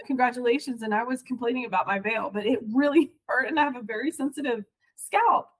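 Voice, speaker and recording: A middle-aged woman recounting her past as a podcast guest, halting and emotional, often restarting her sentences. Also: on the high side, rough recording. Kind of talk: personal storytelling.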